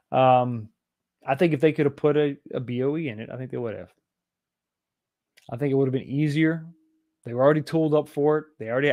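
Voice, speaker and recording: A livestream host with a mid-range, slightly mellow voice talks casually and rambles. He repeats words and restarts his sentences often.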